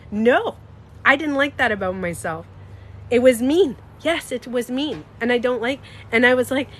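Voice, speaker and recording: A woman talking casually to her live-stream viewers, animated and emphatic, swearing and laughing as she goes. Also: on the high side, moderate pace, slight background noise. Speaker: beauty coach and vlogger.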